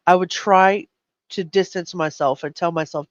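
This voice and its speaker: A man hosts a live true crime chat in a slightly high voice. He is earnest and openly upset, tripping over his words as he goes. The sound is dull and dry. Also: moderate pace, dry recording. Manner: earnest, emotionally shaken, stumbling over words. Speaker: host.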